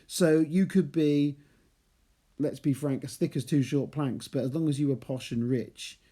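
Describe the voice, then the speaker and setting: Here a literature teacher speaks a little slowly in a warm, steady, slightly high voice. His chatty lesson analyzes a chapter through read passages, explained with playful asides.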